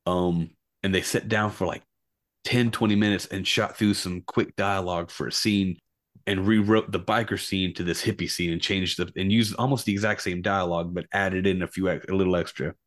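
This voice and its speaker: Podcast co-host, male, lower register, chatty storyteller who slips into voices. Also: normal speed. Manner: animated storyteller, acts out quotes. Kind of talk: casual movie podcast chat.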